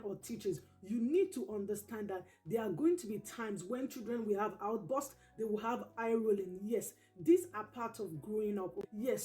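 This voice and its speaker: A woman hosting a parenting channel, giving advice straight to camera, repeating each key point slowly and emphatically. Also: mid-range voice, mellow.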